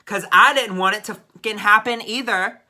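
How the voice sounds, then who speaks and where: Speaking straight to camera, a young male vlogger with a drawl tells a story in dramatic, expressive fashion, swearing throughout. His high voice is bright and sharp, at a moderate pace.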